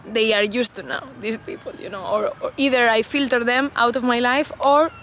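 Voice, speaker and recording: A woman's voice: fairly high pitch, steady tone, moderate pace, a bit bright, poor audio. Reflective woman vlogging over street traffic. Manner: reflective, loose, heavy on "you know" and "like" fillers. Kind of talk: unscripted talk to camera.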